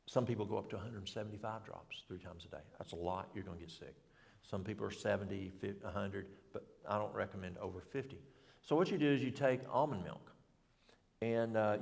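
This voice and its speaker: Middle-aged guy rambling folksy health talk at church, gravelly voice, big echoey hall. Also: lowish voice. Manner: rambling, folksy, self-correcting. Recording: long hall reverb.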